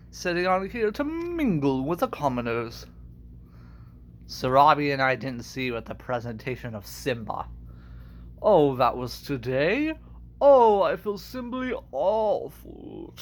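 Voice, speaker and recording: A man voicing Scar, a sly, scheming lion villain who speaks with a sneering drawl. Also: a little high.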